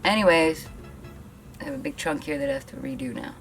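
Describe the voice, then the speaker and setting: A woman's voice: low-pitched, very animated, a little fast, creaky, faint music behind. A young woman from Canada vlogging a hair tool demo, talking bluntly and venting her frustration. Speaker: beauty vlogger. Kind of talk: frustrated product demo vlog.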